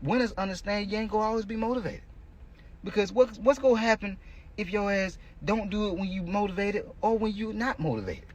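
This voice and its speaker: A man's voice: high voice, a little fast, a little hiss or hum. A male coach hosting a podcast, giving a blunt, profane motivational monologue in casual street talk.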